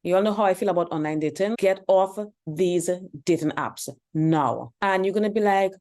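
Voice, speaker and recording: A woman's voice: on the low side, normal speed, hardly any pauses, darkish tone. A woman hosting a dating advice channel, speaking bluntly and preachily and repeating her points. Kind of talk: commentary on a reaction video.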